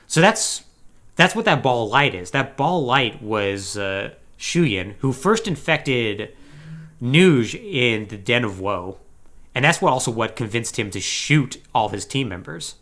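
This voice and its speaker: A man hosting a podcast, casually retelling a video game story with lively paraphrased quotes and quick self-corrections. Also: mid-range voice. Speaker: podcast host.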